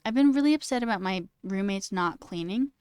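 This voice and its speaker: A twenty-something woman on a coding livestream chats casually while reading stream chat, swearing and filling her animated rants with "like." She speaks fairly quickly in a smooth, medium-pitched voice with no room sound.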